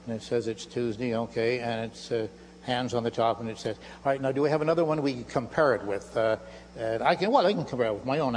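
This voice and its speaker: An older man's mid-range voice, darkish in tone, carries a live stage lecture filled with magic demonstrations. He addresses an audience from a lecture hall stage, using playful, self-mocking patter like a showman. A faint hum runs under the live hall recording, along with audience laughter.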